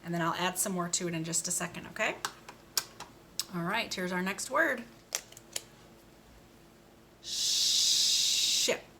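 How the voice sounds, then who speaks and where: A woman's voice: lowish voice, lively intonation, noisy background. Patient woman teaching speech sounds. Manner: slow, patient, exaggerated sound modeling. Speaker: speech therapist. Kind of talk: children's speech lesson.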